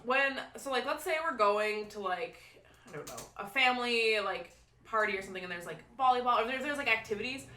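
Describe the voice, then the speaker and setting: A young-sounding woman chats fast and loosely on a podcast, piling up fillers as she goes. Her voice is bright. The room echoes, with a faint hiss underneath. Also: on the high side. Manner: rambling, filler-heavy talk. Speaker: podcast co-host. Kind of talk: casual chat.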